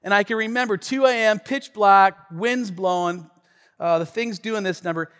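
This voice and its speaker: A man preaching a sermon, telling a story in an animated, conversational way with frequent asides to the listeners. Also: high-pitched, moderate pace, smooth. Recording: long reverb of a large hall.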